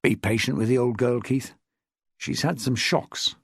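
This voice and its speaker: Man doing a gruff middle-aged detective, blunt and husky, audiobook. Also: mid-range voice, steady tone, a little slow, dry recording, pitched below the performer's own voice. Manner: blunt, dry, growling. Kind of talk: audiobook character voice.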